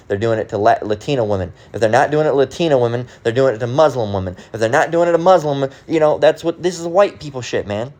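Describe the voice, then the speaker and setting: A man's voice: medium pitch, a little mellow. A man giving a religious rant monologue, emphatic, repetitive and profane. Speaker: commentator.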